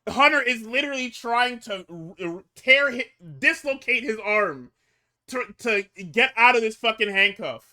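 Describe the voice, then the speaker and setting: Male co-host, high and piercingly bright, profane heated chatter. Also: expressive, normal speed. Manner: profane, heated ranting with laughs. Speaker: podcast co-host. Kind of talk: casual chat.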